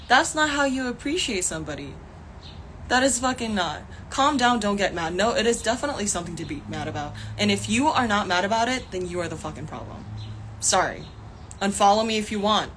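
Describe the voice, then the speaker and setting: Young woman, fired-up livestream rant, swings up and down in pitch, swears a lot, faint noise behind. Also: animated, a little fast, fairly bright tone. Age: young adult. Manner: angry, heated, swears often, laughs in frustration. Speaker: actor streaming live. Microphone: phone.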